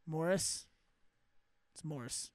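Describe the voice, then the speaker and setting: High, smooth-voiced young man rambling. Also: a little mellow, dry recording. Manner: rambling, halting, with many ums and restarts. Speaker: stand-up comedian and podcast co-host. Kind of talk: casual podcast chat.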